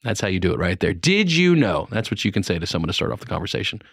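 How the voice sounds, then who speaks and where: A man's voice: sits low, big pitch swings, quick pace, creaky, a bit bright, husky, dry recording, studio quality. A man hosting a radio morning show, chatting casually with a playful, teasing manner. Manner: joking, playful, teasing asides. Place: radio studio. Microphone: studio microphone.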